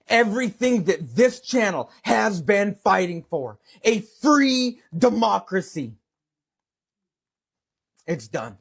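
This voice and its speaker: A man's voice: sits high, sing-song, slow, creaky, pauses often, husky. A man ranting in a video clip, stammering, repeating himself and swearing. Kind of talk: emotional video rant.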